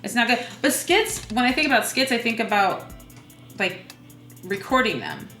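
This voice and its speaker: Woman, stand-up comedian, bright tone, playful, chatty, laughs often, roomy echo. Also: a little high, big pitch swings, normal speed. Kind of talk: casual interview chat. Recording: roomy room with faint music.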